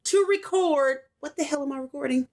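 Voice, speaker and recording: A woman's voice: sits high, brisk, a little mellow. A woman co-hosting a let's play, chatting casually, blunt and laid-back and swearing freely. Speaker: co-host of a let's play channel. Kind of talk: casual gameplay chat.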